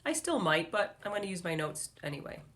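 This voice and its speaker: A woman's voice: fairly low pitch, sing-song, brisk, a bit bright. A woman hosting a motivational video blog, speaking straight to camera in an upbeat, earnest way and coaching her viewers. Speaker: motivational speaker and vlog host. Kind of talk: direct-to-camera motivational vlog.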